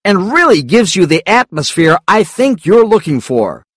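A man's voice: high-pitched, sing-song, moderate pace, fairly bright tone, dry recording, pitched above the performer's own voice, exaggerated voice. A man voicing a friendly, chatty male stranger giving a recommendation, in a dry recording.

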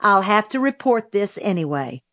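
A woman's voice: medium pitch, sing-song, moderate pace, a bit bright, no room sound, studio quality. A woman voicing a polite, somewhat flustered female schoolteacher with a prim, proper way of talking. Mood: firm.

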